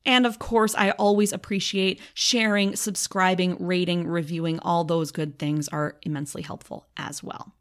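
A woman's voice: lowish voice, steady tone, moderate pace, few pauses. Chatty, effusive woman podcast host. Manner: chatty and effusive, wired on coffee. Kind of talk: casual podcast outro.

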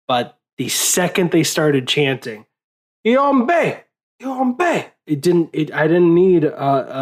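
A young male vlogger with a medium-pitched voice rambles through a casual late-night monologue, recorded in low quality. He sounds exhausted and worn out, swearing often and filling his talk with fillers and restarts.

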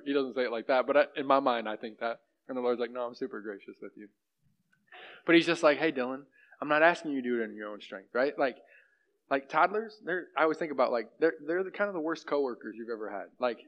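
A man's voice: on the high side, fairly bright tone. A young man preaching in a casual, conversational way, often asking "right?" to the room. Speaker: pastor. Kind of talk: sermon. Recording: dull lo-fi sound.

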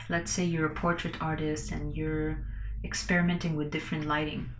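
A woman talking slowly and loosely on her own podcast, her voice sitting a little low. She rambles, swears freely and laughs between thoughts, and the room around her rings with a noticeable echo. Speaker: podcast host. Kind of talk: casual solo podcast monologue.

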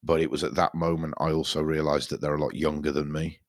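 Podcast co-host: very low male voice, sweary rambler, dry close mic. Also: level tone, fast talker, no room sound. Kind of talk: casual chat.

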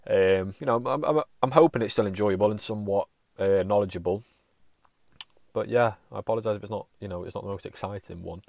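A man's voice: lowish voice, a little fast, gravelly, a little mellow, no echo. A man hosting his own podcast, talking casually and rambling with frequent restarts and casual swearing. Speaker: podcast host. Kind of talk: casual solo podcast monologue.

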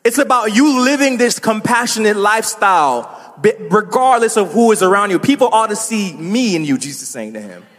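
High-voiced man preaching in a reverberant hall. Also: expressive, brisk, a bit bright. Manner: conversational preaching with asides and laughs. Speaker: pastor. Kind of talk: sermon.

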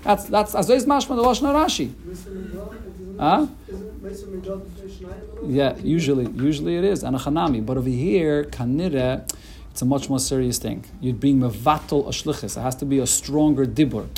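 A man's voice: mid-range voice, animated, moderate pace, darkish tone. A man teaching a Talmud lesson in English mixed with Hebrew and Aramaic terms, explaining with frequent restarts. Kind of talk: Talmud lecture.

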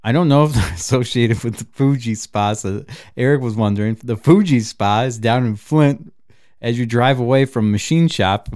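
A man hosting a podcast in loose, profane casual chat, laughing often and bursting with excitement. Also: mid-range voice, moderate pace, clean tone. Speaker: podcast host.

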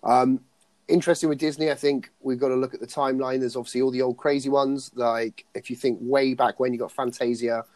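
A man's voice: medium pitch, level tone, brisk, darkish tone, no echo. A man co-hosting a podcast, chatting casually about films, with frequent restarts and easy laughter. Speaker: podcast co-host.

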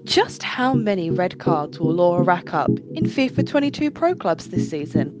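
A woman reading a podcast promo in a lively, playful voice. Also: lowish voice, normal speed. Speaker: promo announcer. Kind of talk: promo read. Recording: dull lo-fi promo over loud music.

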